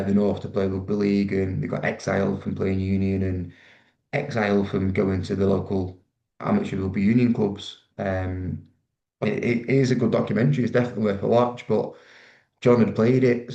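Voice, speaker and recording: A man, a rugby player relaxed and self-deprecating as he tells stories in an interview, with many ums and restarts. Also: on the low side, creaky. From Manchester, England. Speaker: rugby league player guest. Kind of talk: casual interview storytelling. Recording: echoey, dull room sound.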